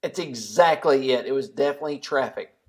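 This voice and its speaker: A podcast guest talks in a relaxed, rambling way. He jokes about himself, and his voice sits at an ordinary middle pitch. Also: brisk. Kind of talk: casual chat.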